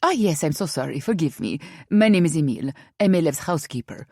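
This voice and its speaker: A woman voicing a calm, polite female housekeeper with a Brazilian accent, formal and composed. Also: sits low, fast talker, breathy edge, dry recording, clean studio sound, full character voice.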